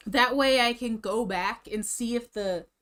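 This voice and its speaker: Slightly high and a bit bright, this young woman's voice is unhurried as she livestreams, breathless from a meal. She rambles along chattily, often starting her sentences over.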